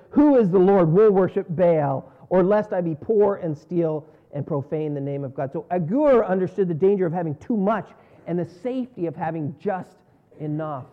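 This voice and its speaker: Man, sermon, high voice, earnest, dull muffled recording. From North America. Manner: earnest preaching, rising on emphasis and dropping low at phrase ends. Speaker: pastor. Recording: dull lo-fi sound.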